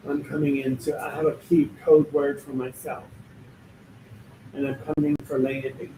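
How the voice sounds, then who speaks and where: A man's voice: mid-range voice, flat delivery, moderate pace, mellow. A man working as a spiritual medium, talking casually in an emphatic, blunt and joking way. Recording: echoey room, distant mic, faint noise.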